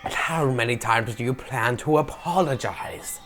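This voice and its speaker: A man's voice: mid-range voice, measured pace, fairly bright tone, faint music behind, pitched below the performer's own voice, natural voice. A man reading as a haughty rich young man. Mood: condescending. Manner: cold, condescending, dismissive.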